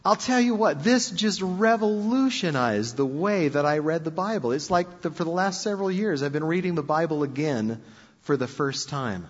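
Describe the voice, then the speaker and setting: A man preaching a sermon in an animated, conversational storytelling manner. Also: fairly high pitch, normal speed. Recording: dull lo-fi sound with long hall reverb.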